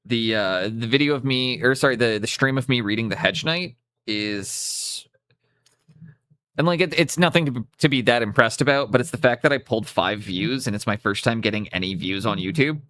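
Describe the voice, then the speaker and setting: Canadian dude rambling to chat on a cheap usb mic, keeps restarting sentences. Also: male voice, medium pitch, normal speed, fairly bright tone, no echo. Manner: rambling, self-interrupting, casual swearing. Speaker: streamer. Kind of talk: casual live-stream chat. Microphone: cheap USB microphone.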